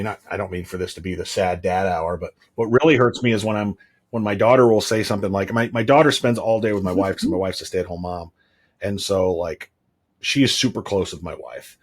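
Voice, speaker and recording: A man in his thirties, a podcast host, chatting casually and telling candid, rambling stories with frequent restarts. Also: on the low side. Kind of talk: casual chat.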